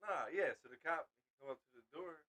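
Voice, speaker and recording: A man's voice: on the high side, brisk, bright, forceful tone. A man guest on a live stream, laid-back, telling a story and laughing as he talks. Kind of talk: casual storytelling. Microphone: shared handheld microphone.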